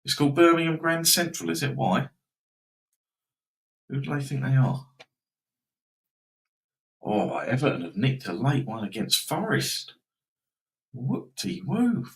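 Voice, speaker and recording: A man's voice: mid-range voice, a little slow, creaky, long pauses, low-quality recording. A man hosting a live betting stream, rambling casually and reacting to football scores and viewers.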